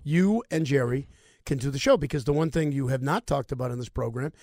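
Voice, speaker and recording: A man's voice: mid-range voice, lively intonation, fairly quick, a little mellow, no room sound, studio quality. A man in his seventies, a radio guest who asks blunt, teasing questions. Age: 70s. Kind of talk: casual radio talk.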